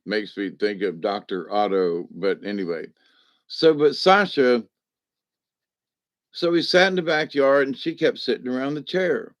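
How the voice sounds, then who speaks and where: A man's voice: medium pitch, lively intonation, a little slow, no room sound. A man telling a personal story in a casual, rambling way, folksy and meandering, with homespun slang.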